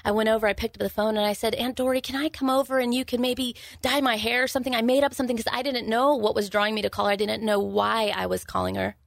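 A middle-aged woman, telling her personal testimony in an interview with earnest, halting storytelling. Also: a little high, steady tone, vocal fry, no echo. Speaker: guest sharing testimony.

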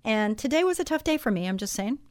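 A woman's voice: fairly high pitch, expressive, fast talker, a little mellow, dry recording, clean studio sound. A woman hosting a Christian radio talk show, speaking conversationally with many fillers.

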